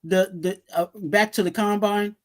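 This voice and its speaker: A man's voice: high voice, fairly even intonation, unhurried. A man talking sports in casual chat, rambling, repeating himself and stumbling over his words.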